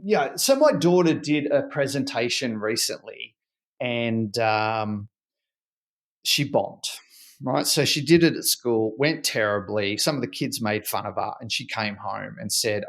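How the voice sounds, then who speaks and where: A middle-aged man with a mid-range voice talks as a podcast guest, explaining ideas through stories. He is animated and slips into acting out dialogue as he goes. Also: medium pitch, slow. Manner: animated storyteller who acts out dialogue. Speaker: podcast guest, performance researcher. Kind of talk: conversational podcast interview.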